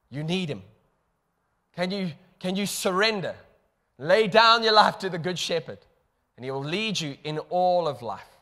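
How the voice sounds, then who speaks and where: A man with a South African accent delivers a passionate sermon, his voice high and bright. It rings with a long reverb from the church hall. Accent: South African English. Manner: impassioned, rising to emphatic peaks. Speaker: pastor.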